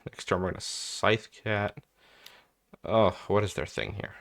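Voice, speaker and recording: Deep gravelly man narrating his gameplay. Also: steady tone, measured pace, fairly bright tone. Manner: exasperated, swearing, thinks aloud. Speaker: content creator playing a card game. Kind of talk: gameplay commentary.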